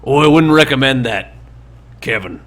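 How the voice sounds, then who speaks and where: A man plays a jovial, shifty dwarf guide, using a mid-range, slightly bright voice with lively intonation at normal speed, close to an everyday voice.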